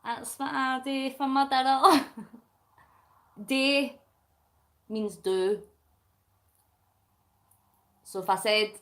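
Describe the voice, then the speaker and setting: This middle-aged Scottish livestream host reads viewer comments aloud and giggles while crafting in casual live chat. Her voice is high-pitched with fairly even intonation, and she draws out her words and pauses often.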